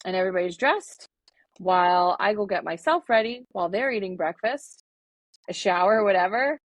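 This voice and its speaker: A woman co-hosting a podcast, talking in a relaxed, rambling way with lots of fillers. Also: medium pitch, normal speed, no echo, low-quality recording. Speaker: podcast co-host. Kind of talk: casual podcast chat.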